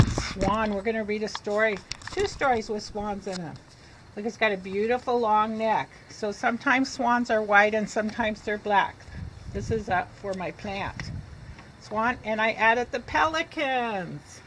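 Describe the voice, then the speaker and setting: A woman reading teacher giving a phonics lesson to young children. She sounds out letters and words slowly so they can repeat them. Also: medium pitch, noisy background.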